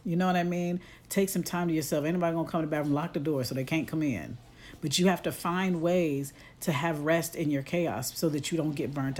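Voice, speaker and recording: A woman's voice: sits low, darkish tone. A woman life coach giving a motivational livestream talk from her phone. She speaks conversationally but with a preachy edge and talks straight to her listeners. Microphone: phone on a live stream.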